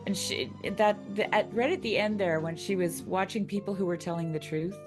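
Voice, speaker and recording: A woman's voice: mid-range voice, a little fast, over music. A woman guest in a casual conversation, speaking earnestly and emphatically and often checking in with "right?".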